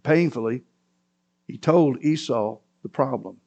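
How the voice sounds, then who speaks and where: A man's voice: medium pitch, measured pace, gravelly, a little mellow, muffled recording. A man preaching a sermon, retelling a scripture story with dramatic swings and sudden raised cries.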